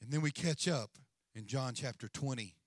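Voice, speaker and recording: A male senior pastor preaching a sermon, telling the story with swings from hushed asides to loud, urgent lines and calls for amens. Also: medium pitch, moderate pace, no room sound, studio quality.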